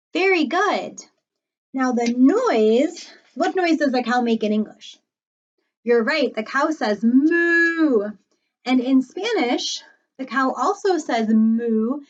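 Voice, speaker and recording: A woman librarian teaching small children animal words, slow and encouraging, with cheerful praise. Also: high voice, dull audio.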